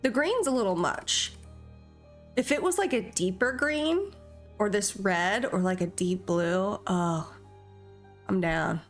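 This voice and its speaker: A woman's voice: mid-range voice, animated, takes it slowly, long pauses, faint music behind. A young woman streaming a video game, chatting casually in a playful, self-mocking way. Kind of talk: casual live-stream chat.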